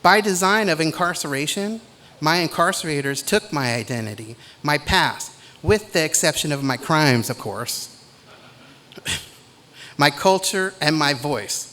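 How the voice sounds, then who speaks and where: Middle-aged man, commencement speaker, slightly raised pitch, slow deliberate pacing with pauses. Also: lively intonation, pushed and bright. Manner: measured, deliberate delivery with pauses. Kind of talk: commencement speech.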